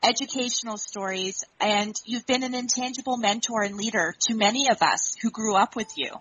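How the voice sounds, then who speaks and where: A woman's voice: fairly high pitch, a little fast, a bit bright, breathy edge, no room sound, dull audio. A woman hosting a radio interview, admiring her guest and answering him with short replies. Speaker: radio host.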